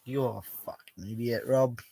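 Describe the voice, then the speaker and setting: A man's voice: medium pitch, fairly even intonation, a little slow, gravelly, warm tone, slightly rough. A middle-aged Australian man hosting a casual live chat from an outback bush camp, talking in a blunt, laid-back way and swearing freely. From Western Australia. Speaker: livestream host.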